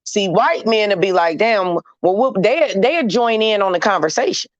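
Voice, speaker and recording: A woman's voice: mid-range voice, big pitch swings, moderate pace, no room sound, lo-fi sound. A woman hosting a casual chat with her audience, talking in a blunt, candid and slangy way. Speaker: host talking to viewers.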